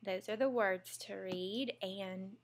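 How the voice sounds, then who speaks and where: Chatty Southern young mom. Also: female voice, mid-range voice, fairly even intonation, slow pace, slight background noise. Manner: chatty and giggly, drawling asides. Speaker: mom vlogger, former teacher. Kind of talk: casual home vlog, reading a word list.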